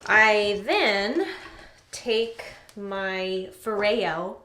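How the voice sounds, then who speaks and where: A woman's voice: medium pitch, extremely slow, sharp tone. A woman vlogger chatting casually through her nighttime skincare routine at the sink, a little out of breath, with water running. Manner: chatty, upbeat, talks while doing her routine. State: slightly out of breath. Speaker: beauty vlogger. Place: bathroom at the sink. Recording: echoey bathroom. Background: running water from the tap.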